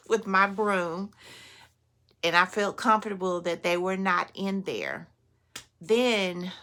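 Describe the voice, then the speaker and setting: A woman vlogger relates a story in a casual, animated storytime style. Her voice sits low and has a gravelly texture, yet it comes across sharp and forceful. She laughs often and keeps addressing her viewers.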